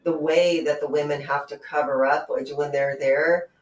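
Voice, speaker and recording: A co-host in a casual wrestling chat, emphatic and reacting quickly. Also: mid-range voice, fairly even intonation, far from the mic. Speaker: podcast co-host. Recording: echoey room, off-mic.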